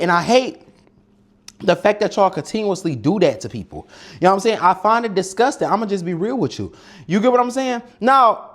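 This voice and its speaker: Animated man talking while cooking. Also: sits high. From Detroit. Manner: animated, blunt, swears a lot, mutters to himself at the stove. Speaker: cooking show host. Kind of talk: casual talk while cooking. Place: home kitchen.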